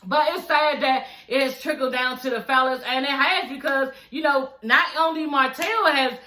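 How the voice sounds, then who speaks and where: A woman's voice: high-pitched, moderate pace, pushed and bright. A woman giving a blunt, sassy, profane recap of a reality show in casual commentary. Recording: echoey room.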